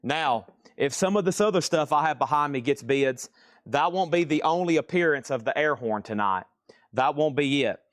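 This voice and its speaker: A man hosting a live online record sale in a room full of record crates, energetically rattling off bids and prices in a fast selling patter. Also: fairly high pitch, lively intonation, dry recording, clean studio sound. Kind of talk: live sales stream patter.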